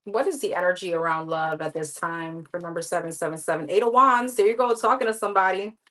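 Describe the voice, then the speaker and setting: A woman's voice: on the low side, fast talker, bright, forceful tone, poor audio. A woman giving live tarot readings in a candid, chatty way, talking straight to her viewers. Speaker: tarot reader.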